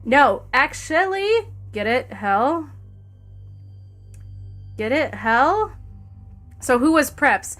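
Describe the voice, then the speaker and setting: A woman's voice: high-pitched, very animated, very slow, pauses often, a bit bright, soft background music. A woman streamer reading a fanfic aloud, breaking into laughter and wry asides between lines.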